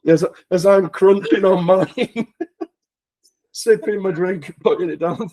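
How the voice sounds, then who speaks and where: A man's voice: high voice, slow, pauses often, darkish tone, rough recording. Man laughing through an anecdote. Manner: laughs through the story, with frequent restarts and stumbles. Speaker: guest speaker on a charity talkathon livestream. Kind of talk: casual anecdote storytelling.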